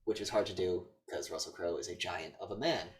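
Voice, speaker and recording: A man's voice: deep voice, fairly quick. A man co-hosting a podcast, casually recapping a film's plot with lots of swearing and acted-out lines. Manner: animated retelling with acted-out quotes, frequent swearing. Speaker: podcast co-host. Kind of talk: casual movie review chat.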